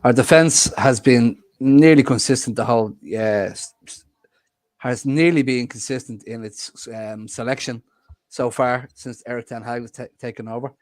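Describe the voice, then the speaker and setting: A man speaking as a panelist on a live football fan stream, talking in a halting way with frequent restarts. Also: medium pitch, no echo. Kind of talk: casual live-stream chat.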